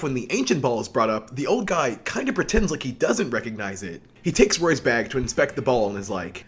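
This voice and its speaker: Husky, lively-voiced male reviewer. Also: fairly high pitch. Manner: wry, joking asides. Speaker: anime reviewer. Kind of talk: casual episode review narration.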